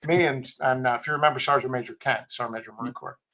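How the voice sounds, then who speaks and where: A man's voice: mid-range voice, fairly even intonation, fast, bright, forceful tone, rough recording. A middle-aged man, a Marine veteran and company head, telling candid stories in a casual podcast interview with a blunt, wry manner. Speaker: guest, tech company CEO and Marine veteran.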